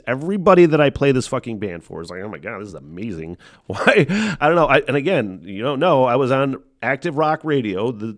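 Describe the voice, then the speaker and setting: Profane, ranting American podcast host. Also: male voice, medium pitch, creaky. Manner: profane, ranting, laughs often. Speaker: former rock radio DJ. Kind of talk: casual reaction commentary.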